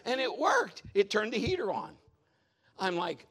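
A middle-aged man preaching a sermon as a pastor, telling a story with lively, acted-out quotes that jump high and low. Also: a little slow, slightly rough. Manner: animated storytelling, acts out quotes with big pitch jumps.

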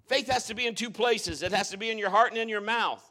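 Emphatic high-voiced male preacher. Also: fast talker. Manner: emphatic preaching, swinging from loud declarations to hushed asides. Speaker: pastor. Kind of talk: sermon.

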